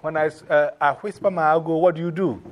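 A man leading a drumming workshop from abroad, coaxing a group through call-and-response with energetic, repeated cues. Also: fairly high pitch, a little fast, dull audio, crowd noise. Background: hand drums playing.

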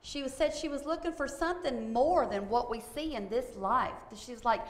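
A woman's voice: high-pitched, moderate pace. Emphatic woman preaching, echoey room. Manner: emphatic, repeats "okay?" for emphasis. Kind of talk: sermon-style storytelling.

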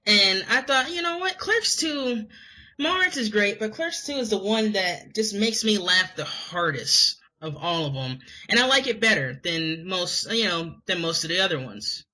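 High bright Scottish man, rambling. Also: lively intonation, moderate pace, rough recording. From Scotland. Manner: rambling, hesitant, many fillers. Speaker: podcast co-host. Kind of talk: casual chat.

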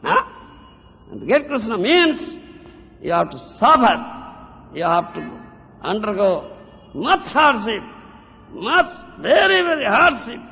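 A man's voice: very high voice, big pitch swings, slow, vocal fry, pauses often. A man giving a devotional lecture, scolding his listeners and mocking their excuses, often asking "huh?" between points. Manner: scolding, mocks a disciple's excuses in a put-on voice, keeps asking "huh?". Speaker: spiritual teacher. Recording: dull old tape in a reverberant hall.

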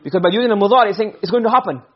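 A man leads a class at a brisk clip, pausing often to ask students if they understand. His high-sitting voice has a husky quality, and the recording is dull and lo-fi.

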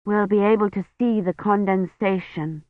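A woman voicing a weary, quiet young woman historian in an audiobook, speaking softly and subdued. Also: medium pitch, moderate pace, no echo, close to an everyday voice. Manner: soft, subdued. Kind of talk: audiobook reading. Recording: muffled dry studio recording.

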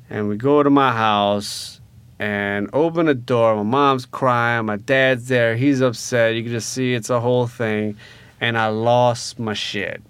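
A man from Louisiana telling a story in casual talk, animated and profane, dropping to hushed asides and then rising into loud rants. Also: mid-range voice, unhurried, smooth, no room sound.

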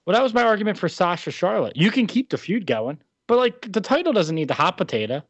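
Young jersey guy ranting, kinda high voice, dull muffled audio. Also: very animated, quick pace, dry recording. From New Jersey. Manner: opinionated, ranting. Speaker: podcast co-host. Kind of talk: casual chat. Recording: dull, dry lo-fi recording.

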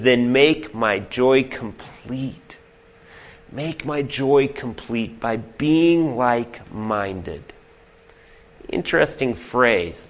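A man preaching a sermon at an unhurried pace in a mid-pitched voice. He swings from loud, emphatic points down to hushed, almost whispered lines. He puts direct questions to his listeners with earnest feeling. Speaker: pastor.

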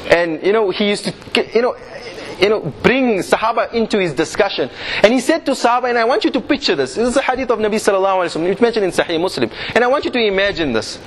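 A man's voice: high-pitched, animated, rapid-fire, long reverb tail, slight background noise. A man preaching a sermon, telling a vivid story full of rhetorical questions.

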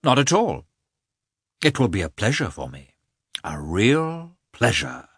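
A man's voice: on the low side, huge pitch swings, a little slow, a bit bright, breathy edge, no room sound, clean studio sound, exaggerated voice. A man voicing an earnest, gloomy young landowner in a storybook reading. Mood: resolute.

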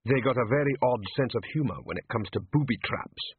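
A man reading an audiobook, voicing a blunt, suspicious thug who talks in a gruff, mocking way. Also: mid-range voice, brisk, narrow, tinny audio, slight background noise, lightly acted.

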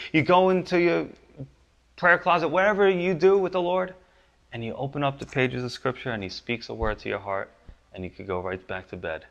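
A pastor preaching a sermon, his voice climbing high and loud for the pleas and dropping low and soft on the promises. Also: dull audio.

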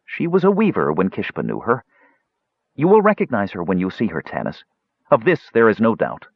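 A man's voice: on the low side, huge pitch swings, normal speed, husky, no room sound, full character voice. A man voicing an earnest, secretive male dwarf juggler who speaks cryptically, on a dull lo-fi recording.

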